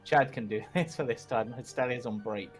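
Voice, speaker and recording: A man runs a tabletop session in an unhurried, easygoing way. His pitch sits in the middle, and he fills gaps with ums and little laughs. Faint music plays underneath. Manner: relaxed, chuckling, lots of ums. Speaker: game master. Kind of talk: narrating a tabletop game.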